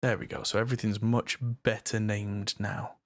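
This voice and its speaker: English man from the north, chatty streamer, rambling mixing engineer, lowish voice, dry close sound. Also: level tone, normal speed, a bit bright, no echo. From north of England. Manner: rambling, chatty, self-deprecating. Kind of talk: casual live-stream chat.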